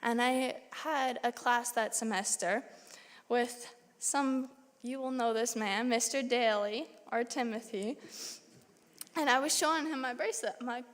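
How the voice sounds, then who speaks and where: A young woman giving a personal testimony in church, telling her story in a lively way and acting out her own reactions. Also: a little high, unhurried. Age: young adult. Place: church sanctuary. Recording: long church hall reverb.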